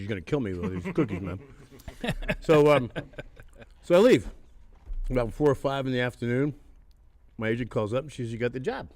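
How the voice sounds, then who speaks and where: A man's voice: mid-range voice, darkish tone, no room sound. Swearing man in his sixties telling stories. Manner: profane, laughs through his stories. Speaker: podcast guest. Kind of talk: casual storytelling. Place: haunted attraction venue.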